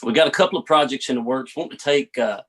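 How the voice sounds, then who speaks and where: A man's voice: medium pitch, fast. A man with a Southern US accent, a country singer chatting as a guest in a laid-back drawl, often calling the host "man". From United States. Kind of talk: casual interview chat.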